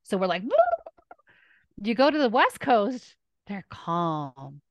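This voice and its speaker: A woman from the Northeast, a teacher chatting as an interview guest, lively and quick with frequent laughs. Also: medium pitch, dry recording. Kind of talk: casual interview chat.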